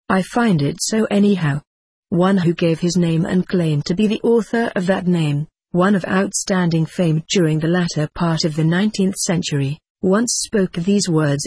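Husky narrator reading an old book, steady and measured, dry close mic, mid pitch. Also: no echo.

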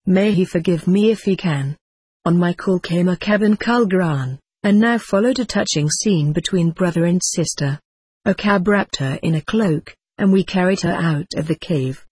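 A first-person storybook narrator with a husky, breathy tone, reading in an even and solemn manner. The recording is close and dry, with no room sound. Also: mid-range voice, no room sound, poor audio. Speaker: audiobook narrator.

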